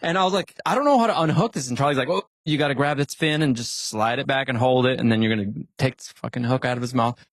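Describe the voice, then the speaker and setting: A man hosting a podcast, telling animated, profanity-laced stories in casual chat. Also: medium pitch, fast, few pauses, no echo. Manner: swears a lot, animated storytelling with voices. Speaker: podcast host.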